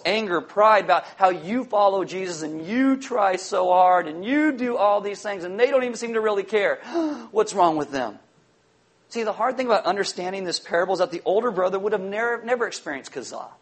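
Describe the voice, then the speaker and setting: A man with a notably high voice for a man preaches a sermon to his congregation. He speaks emphatically, repeating his main refrain and slowing to let key phrases land. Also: lively intonation. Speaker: pastor.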